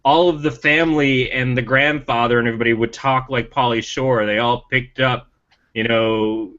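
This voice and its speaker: A male podcast co-host chats casually about TV, ranting his firm opinions with emphatic delivery and a rising, emphatic pitch. He speaks at a moderate pace with a fairly bright tone, and the lo-fi recording sounds dull and slightly muffled.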